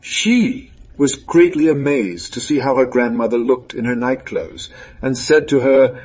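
A man narrating a fairy tale aloud in a calm, even storytelling manner. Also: medium pitch, unhurried, poor audio.

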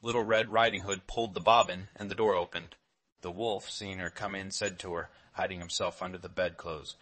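A man with a very low, forceful, bright-edged voice reading a fairy tale aloud. He tells it in a measured, expressive way, with clear, deliberate phrasing. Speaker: storyteller.

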